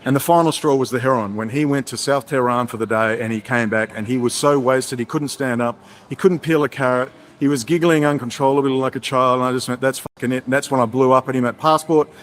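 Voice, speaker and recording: A man's voice: mid-range voice, quick pace, slight background noise. A man giving a heated, sarcastic livestream monologue while out in a city, jumping from topic to topic. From Australia. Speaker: livestream host. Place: outdoors in a city, walking.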